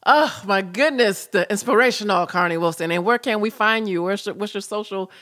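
A woman's voice: mid-range voice, a little fast, fairly bright tone. A woman hosting a podcast in casual chat, enthusiastic and exclamatory. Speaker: podcast host.

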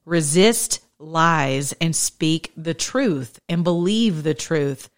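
A woman's voice: low voice, slow. A woman in her thirties giving an informal, conversational sermon with impassioned, shifting pace. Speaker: preacher.

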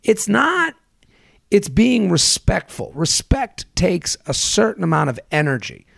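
Gravelly man telling comic stories. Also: sits high, a little slow, no echo, studio quality. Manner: animated storytelling, swearing, acting out quotes. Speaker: podcast host. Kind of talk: casual comedic chat.

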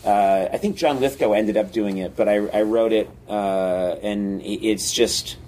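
A man being interviewed as a guest, rambling and animated, often laughing as he tells stories. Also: lowish voice, a little slow. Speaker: guest, comedy writer. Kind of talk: casual interview storytelling.

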